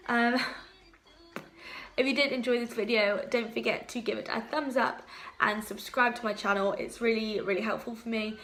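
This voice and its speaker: Young woman, casual vlogger, light high voice, rambling and giggly. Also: fairly even intonation, normal speed, a bit bright. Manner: chatty, giggly, lots of fillers. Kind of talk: casual chat to camera.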